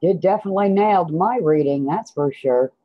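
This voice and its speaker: A woman joining a live stream as a guest, easygoing and quick to laugh. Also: fairly low pitch, lo-fi sound, music in the background. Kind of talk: casual live-stream chat.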